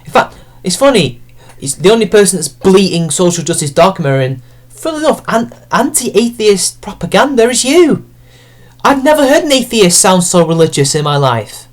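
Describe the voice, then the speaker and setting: A man's voice: sits high, sing-song, moderate pace. A man giving a sarcastic, profane rant as an online commentator picking apart an article.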